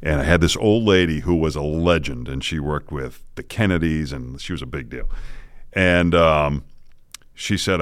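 Middle-aged male anchor, very deep voice, laid-back storyteller, no room sound. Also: normal speed, dry recording, studio quality. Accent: General American. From Boston area, US. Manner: relaxed storyteller, self-deprecating, chuckles often. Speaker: morning news anchor, podcast guest. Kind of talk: casual interview chat. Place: podcast studio.

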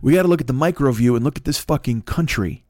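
A man's voice: medium pitch, quick pace, darkish tone, no room sound, clean studio sound. A man in his forties hosting a podcast, ranting in a profane, rambling comedic monologue. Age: 40s. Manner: profane, rambling, exasperated rant. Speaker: podcast host.

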